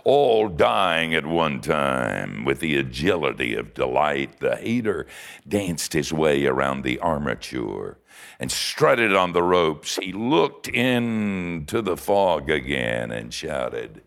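A man preaching a sermon, telling stories in an animated way, dropping to a hush and rising to a shout. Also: extremely low pitch, takes it slowly, gravelly. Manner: animated storyteller, swinging from hushed to shouting.

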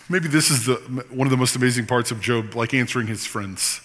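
A man's voice: mid-range voice, fairly quick, few pauses, a bit bright. A man preaching a sermon, reading scripture aloud and adding teaching asides with passion. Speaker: pastor. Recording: long reverb of a large hall.

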